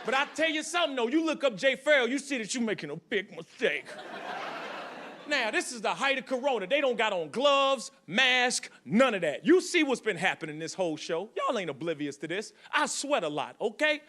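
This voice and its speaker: A man doing stand-up comedy, telling a story in an animated, profane way. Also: very high voice, fairly quick, a little hiss or hum.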